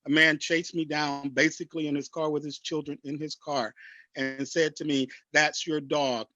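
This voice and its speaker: A man on a discussion panel, speaking in an impassioned, forceful way over a video call. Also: on the high side, little pitch movement, moderate pace, no echo, muffled recording.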